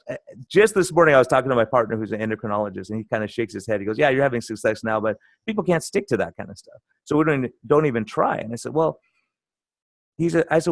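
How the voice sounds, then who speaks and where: A middle-aged man, a doctor, telling patient stories in a casual interview with lively, animated delivery. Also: medium pitch, no room sound. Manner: animated storytelling, acts out quoted patients. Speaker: internal medicine doctor, guest.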